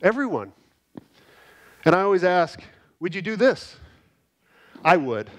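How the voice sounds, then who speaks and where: A middle-aged man giving an energetic, animated conference talk, telling stories and checking in with the crowd with "right?". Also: high-pitched, unhurried. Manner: energetic, animated storytelling with frequent "right?" tags. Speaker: conference speaker. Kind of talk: keynote talk to a live audience. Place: conference hall.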